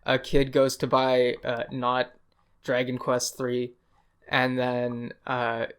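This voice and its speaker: A man's voice: medium pitch, monotone, slow pace, a bit bright, clean tone. A young man co-hosting a podcast in casual chat, rambling and swearing as he retells game scenes with a laugh. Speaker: podcast co-host.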